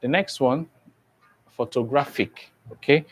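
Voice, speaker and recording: A male teacher who talks at a slow, deliberate pace. He spells out syllables letter by letter and keeps checking that his students follow him. His pitch sits in an ordinary middle range. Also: breathy edge, poor audio. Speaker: English teacher. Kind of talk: exam-prep grammar lesson.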